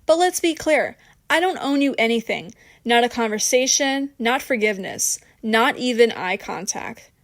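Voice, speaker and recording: A woman voicing a calm, cold, composed young woman who speaks firmly and gives no ground. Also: a little high, moderate pace.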